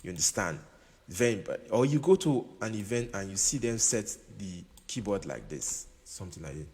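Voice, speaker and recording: His lowish voice is very animated and moves at a normal speed. Teaching music production casually while playing a keyboard, he keeps repeating himself and confirming the listener understands. The room has a long reverb, with keyboard music in the background.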